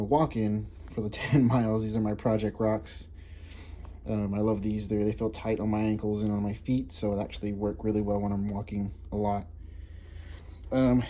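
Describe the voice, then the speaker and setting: Young man, casual vlog storyteller, halting and repetitive delivery. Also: medium pitch. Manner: halting, repeats words often, laughs mid-sentence. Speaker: vlogger.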